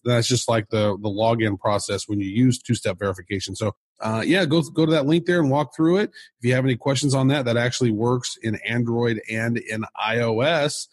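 Husky man explaining things step by step. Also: mid-range voice. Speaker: podcast co-host. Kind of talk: casual podcast chat.

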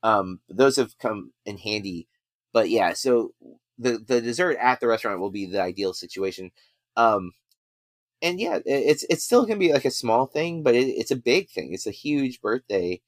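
Male podcast co-host, mid-pitched, rambling casual delivery, dry booth sound. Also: expressive, moderate pace, no echo. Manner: rambling, many fillers and restarts.

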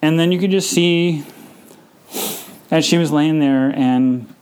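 A podcast host tells a personal story in a voice that is dark, mellow, and smooth yet on the high side, captured in a rough recording. He speaks haltingly, stopping, restarting, and leaning on fillers, with a subdued, emotional delivery.

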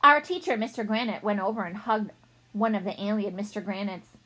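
Breathy woman reading a children's book. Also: mid-range voice, a little fast. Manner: expressive, playful character voices. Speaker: reader.

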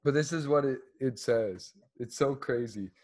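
A man talks through the news in a loose, casual podcast chat. He jokes crudely and laughs often. His voice sits at an ordinary pitch. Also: normal speed, darkish tone. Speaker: podcast co-host.

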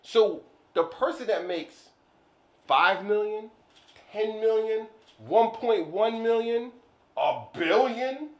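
A man co-hosting a podcast in casual chat, an animated storyteller who acts out little scenes. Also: sits high, takes it slowly, dull audio. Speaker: podcast co-host.

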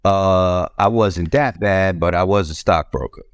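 A man's voice: low-pitched, a little slow, smooth, no echo. A man in his fifties, a trucking company owner, talking casually as an interview guest, rambling and repeating himself with lots of "you know what I mean". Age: 50s.

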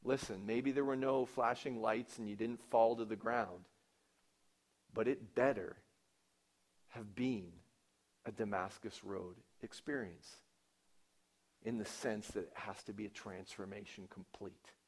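A man preaching a sermon at a slow, deliberate pace. He questions his listeners and acts out quoted lines. His delivery swings from loud, emphatic declarations down to low, quiet asides. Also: steady tone, husky. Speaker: pastor.

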